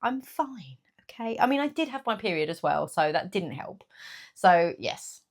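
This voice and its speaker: A woman, chatting casually in a small business vlog, animated and laughing often. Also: fairly low pitch, normal speed. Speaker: small business owner and vlogger. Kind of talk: casual chat to camera.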